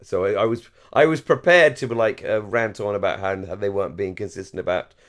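An English man with a posh received pronunciation accent and a fairly low voice. He talks with eager enthusiasm, stumbling through restarts and "you know"s as he chats on a fan podcast. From England, Surrey-Hampshire border. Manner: chatty, enthusiastic, frequent restarts and fillers, quick to laugh. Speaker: podcast co-host. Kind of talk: casual chat.

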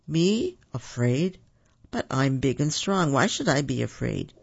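A man's voice: medium pitch, very animated, unhurried, vocal fry, husky, dry recording, muffled recording, heavily acted. A man voicing a big, boastful male bear in a children's story, blustery and proud.

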